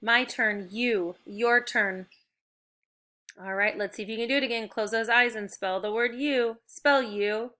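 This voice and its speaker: A woman teaching a recorded phonics and spelling lesson to young children, speaking slowly and clearly with encouragement. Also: fairly high pitch, steady tone, pushed and bright.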